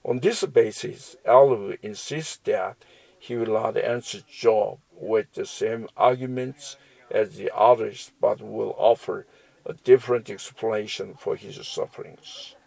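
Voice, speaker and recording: Man, Bible study reading, husky voice, dry close sound. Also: on the low side, measured pace, mellow, no echo, low-quality recording. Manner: reads verses aloud, then explains them with fillers and restarts. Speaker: Bible teacher. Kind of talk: slow scripture reading and commentary.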